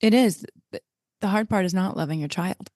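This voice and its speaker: A woman's voice: mid-range voice, a little fast, a little mellow, no echo, studio quality. A woman hosting a podcast interview, reflective and chatty as she tells a story. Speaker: podcast host.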